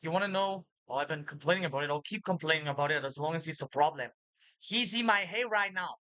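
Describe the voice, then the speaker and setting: A woman's voice: low-pitched, quick pace, a bit bright. A woman talking in a rambling monologue to her viewers, often speaking of herself in the third person, blunt and profane. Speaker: vlogger.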